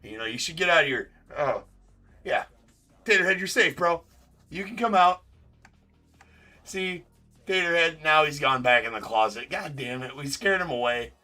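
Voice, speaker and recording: A man's voice: fairly high pitch, animated, normal speed, long pauses, sharp tone. A man hosting a live card break stream, talking casually and teasing viewers in the chat with loose, rambling banter. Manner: teasing, rambling, with frequent laughs and filler words.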